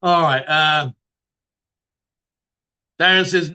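A man's voice: fairly high pitch, sing-song, slow, long pauses, sharp tone. A man hosting a casual livestream chat show, reading viewer comments and joking around with frequent laughs and swearing.

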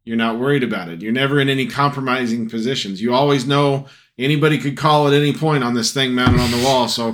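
A man's voice: mid-range voice, fast, a bit bright. A middle-aged man co-hosting a casual podcast with his son, rambling with many fillers and restarts. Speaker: podcast co-host, father. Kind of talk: casual chat.

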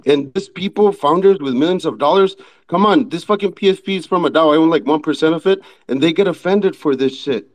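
A man from Mexico with a Mexican accent, a Spanish speaker chatting in an online audio room. He talks bluntly and profanely in a rambling way, from a fast-food restaurant. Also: fairly high pitch.

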